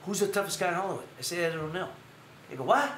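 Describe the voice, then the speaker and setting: A man with a high voice hosts a casual live stream. He talks at a rapid clip and acts out the people in his stories. The room is echoey, with faint noise. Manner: animated storyteller who acts out quotes in others' voices. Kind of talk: casual storytelling chat.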